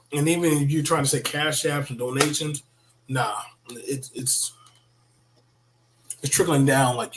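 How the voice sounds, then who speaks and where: A man chatting casually to his viewers as a reaction video host, rambling and repeating words, his voice worn from yelling. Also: mid-range voice, low-quality recording. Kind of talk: casual morning livestream chat.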